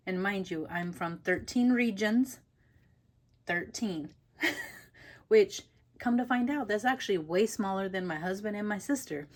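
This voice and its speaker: A woman hosting a casual papercraft tutorial, chatty and rambling, often laughing between thoughts. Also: mid-range voice. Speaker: papercraft channel host. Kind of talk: casual crafting tutorial chat.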